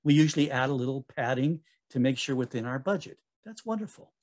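A man giving a conference talk in a relaxed, conversational way, with fillers and self-corrections. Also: mid-range voice, fast. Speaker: conference speaker.

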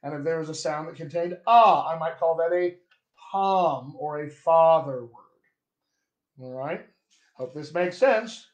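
A man teaching accents as a dialect coach in a live stream, talking to viewers and demonstrating vowels slowly. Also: a little high, a little mellow, reverberant, highs cut off. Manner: slow, demonstrative, drawn-out vowel examples; chatty, addresses viewers directly. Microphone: webcam or phone on a live stream.

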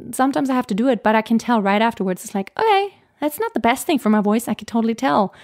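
Chatty woman vocal coach, fairly high voice. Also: a little mellow. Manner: chatty, laughs often, restarts sentences. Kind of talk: casual teaching monologue.

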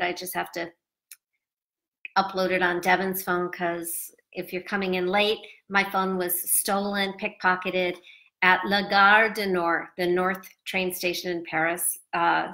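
Woman travel vlogger, tired and sleepy, bright tone, rambling with lots of fillers. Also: on the low side, little pitch movement, measured pace. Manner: chatty, rambling, with many fillers. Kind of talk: casual travel vlog.

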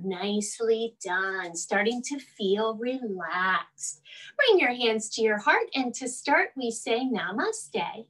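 Woman kids' yoga teacher, high and unhurried, gentle coaxing delivery, recorded from a distance. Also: lively intonation. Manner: soothing, slow and coaxing, with playful animal sounds. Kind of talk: gentle bedtime yoga instruction.

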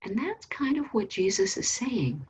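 A woman teaching Sunday school, telling a story in an animated, storytelling way. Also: medium pitch, a little slow, breathy edge. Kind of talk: storytelling lesson.

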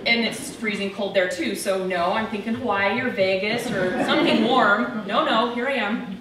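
A woman's voice: medium pitch, steady tone, fairly quick. A woman giving a chatty, lighthearted personal testimony to a church. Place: church sanctuary. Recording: echoey church room, from far off, faint noise.

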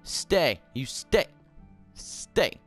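A man's voice: a little high, very animated, drawn-out words, soft background music. A swearing, emotional gameplay commentator man. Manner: emotional, swearing, yelling in frustration then soothing his pet.

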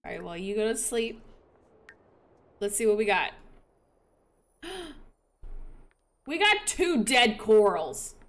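A woman's voice: mid-range voice, big pitch swings, slow pace, pauses often, fairly bright tone. A woman giving casual let's-play commentary, chatty and playful, joking at her own expense while she talks to her viewers. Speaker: game streamer.

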